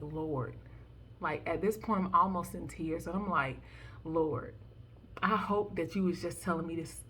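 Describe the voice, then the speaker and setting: A woman's voice: fairly low pitch, a bit bright, slight background noise. A young woman, telling a personal faith story in a chatty way full of fillers, now and then rising into fervent pleading. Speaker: prophetic faith vlogger. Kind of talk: personal testimony and devotional talk.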